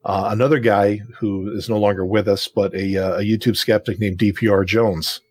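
A man's voice: lowish voice, fairly even intonation, moderate pace, darkish tone, slightly rough, dry recording. A man co-hosting a podcast, chatting casually and telling a rambling story with many restarts. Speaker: podcast co-host. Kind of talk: casual chat.

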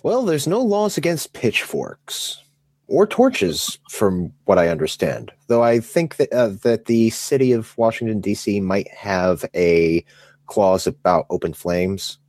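A man's voice: fairly low pitch, very animated, unhurried, a little mellow, no room sound. A man in a casual talk show, speaking bluntly and matter-of-factly. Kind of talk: casual chat.

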